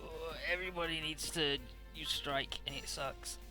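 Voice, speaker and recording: A man's voice: a little high, fairly even intonation, normal speed, over music. A man hosting a let's play, summarizing the story in a rambling, profane and casual way. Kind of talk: casual game commentary.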